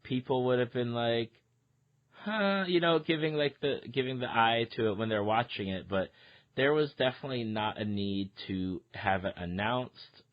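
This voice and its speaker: A man hosting a podcast, chatting casually about a film in an easygoing way with "uh" pauses. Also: medium pitch, dull audio. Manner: conversational, agreeable, with "uh" pauses. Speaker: podcast host. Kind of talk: casual movie review chat.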